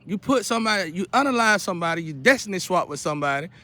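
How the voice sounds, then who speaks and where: A man's voice: sits high, expressive, racing, bright, forceful tone. A man delivering an impassioned, repetitive monologue to the camera outdoors, building to an urgent outcry. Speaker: vlogger. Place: outdoors near a porch.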